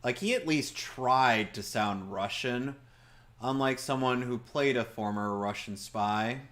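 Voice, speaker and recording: A man chats through a video game playthrough in a casual, wry way. His humor runs sarcastic and dry, and his voice sits at an ordinary middle pitch. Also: slow pace, a bit bright. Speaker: gameplay commentator. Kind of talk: casual let's-play chat.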